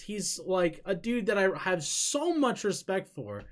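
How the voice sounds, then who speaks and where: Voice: mid-range voice, sing-song, slow, hardly any pauses. An adult with an American accent chatting casually on a live stream, candid and rambling, swearing freely and laughing often while reading chat.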